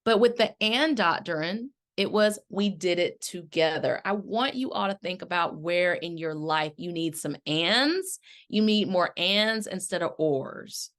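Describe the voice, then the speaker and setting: On her podcast, a middle-aged life coach speaks in a fairly low, expressive, fairly bright voice at an unhurried pace. She shares a story and coaches her listeners in a relaxed, conversational way, talking to them directly as "y'all."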